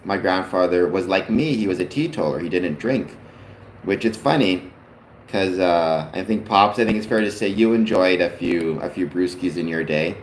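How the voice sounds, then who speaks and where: A Canadian man hosts a livestream in a relaxed, rambling chat, his fairly low voice swinging up and down with lively intonation. He sounds like he is in an echoey room, with a faint hiss of noise behind him. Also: normal speed. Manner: rambling, chatty, talks to his father on the stream. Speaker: livestream host. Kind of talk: casual chat. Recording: roomy echo, faint background noise.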